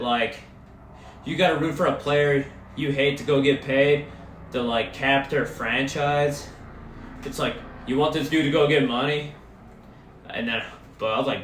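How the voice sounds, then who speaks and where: A young man hosting a podcast, ranting casually and profanely as an excitable sports fan. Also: mid-range voice, echoey room, slight background noise. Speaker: podcast host. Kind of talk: casual solo rant.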